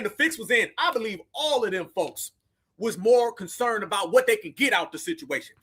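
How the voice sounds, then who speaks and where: A man with a very high, bright, forceful voice rants through a reaction commentary. He talks in heated street slang and mocks the clips he plays. His tone stays scolding and emphatic. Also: breathy edge.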